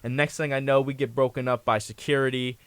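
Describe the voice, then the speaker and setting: A young man on a talk show, telling a long personal anecdote with a loose, rambling flow. His voice sits at an ordinary middle pitch. The sound is close and dry, with no room around it. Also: little pitch movement, quick pace, smooth, no room sound. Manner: rambling anecdote full of fillers and restarts. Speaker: guest. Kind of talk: casual storytelling on a talk show.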